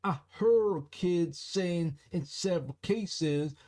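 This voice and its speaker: A man reading a quoted woman's words in a high, put-on falsetto. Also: slow, a little mellow. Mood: shrill. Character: shrill woman quoted from a news story.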